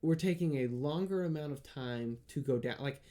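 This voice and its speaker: A man's voice: on the high side, moderate pace. A man co-hosting a comedy podcast in casual chat, rambling and laughing often. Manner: rambling, laughs often, acts out his thoughts in a hushed voice. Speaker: podcast co-host.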